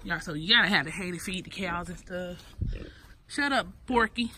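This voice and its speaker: A woman's voice: on the low side, moderate pace. A woman with a Southern US accent, chatting casually to viewers on a phone camera while walking around her farm. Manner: chatty, addresses viewers as y'all. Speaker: vlogger. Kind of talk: casual vlog walkthrough. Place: outdoors on a farm. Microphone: phone camera held by the speaker. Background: farm animals and outdoor noise.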